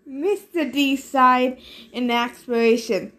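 High-voiced woman reading a novel aloud. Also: fairly even intonation, slow, fairly bright tone. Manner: reads in first person, voicing characters. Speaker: reader. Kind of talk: audiobook narration.

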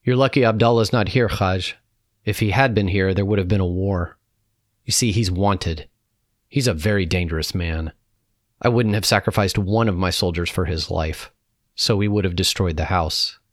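A man's voice: low voice, moderate pace, no room sound, studio quality, natural voice. A man voicing a blunt male army captain who lectures villagers in a raised, preachy voice, as part of a read-aloud story. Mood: menacing.

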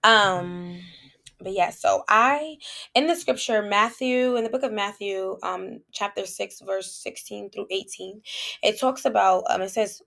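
A woman hosting a podcast, telling a casual faith testimony in an animated, colloquial way and speaking straight to her listeners. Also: mid-range voice, moderate pace, gravelly. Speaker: podcast host.

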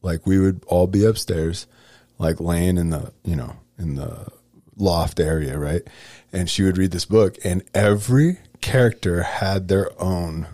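A man's voice: sits low, unhurried, warm tone, no echo, clean studio sound. A middle-aged man co-hosting a faith podcast in a casual chat, playful and teasing, often trailing off mid-thought. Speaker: podcast co-host.

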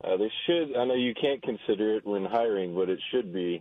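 A low-voiced man calls in to a radio show and speaks hesitantly, then bluntly. He comes through a dry, narrow phone line with no room sound. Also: a little fast, no room sound. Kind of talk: casual radio chat.

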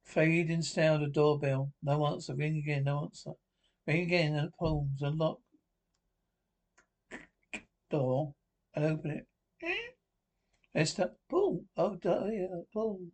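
A man reading a radio play script aloud, stage directions and all, in a halting way with slips. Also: a little high, flat delivery.

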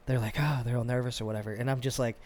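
A man hosting a podcast, telling a work story in a casual, animated and profane way. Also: medium pitch, rapid-fire, no echo. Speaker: podcast host.

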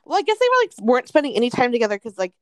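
A young woman chats and gossips, her voice sitting a little high and swooping up and down as she talks. She peppers every sentence with "like" and quick asides. Her voice is smooth and clear, recorded dry and close. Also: big pitch swings, no echo. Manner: chatty, lots of "like", laughs often. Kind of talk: casual gossip chat.

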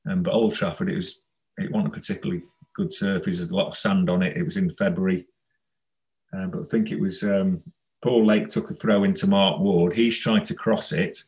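A man, a former footballer, telling stories in a relaxed, rambling interview. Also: deep voice, brisk, rough recording. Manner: rambling, anecdotal, laughs while telling. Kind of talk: casual storytelling interview.

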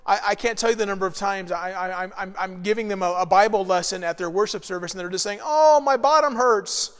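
A man leading an informal Bible study, talking in a lively, animated storytelling way with frequent restarts. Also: high voice, fast talker, in a large hall.

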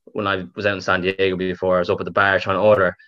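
A man's voice: deep voice, very fast, lo-fi sound. A man chatting with an old friend, telling stories animatedly and acting out other people's lines. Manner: animated storyteller, acts out quoted voices. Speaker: podcast guest. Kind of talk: casual chat between old friends. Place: living in California.

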